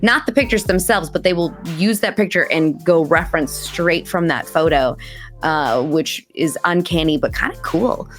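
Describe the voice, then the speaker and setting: A young adult woman, a voice actress, chatting in an interview and acting out quoted lines with big jumps in pitch. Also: normal speed, soft background music. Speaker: voice actress guest. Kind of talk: casual interview chat. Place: remote video call.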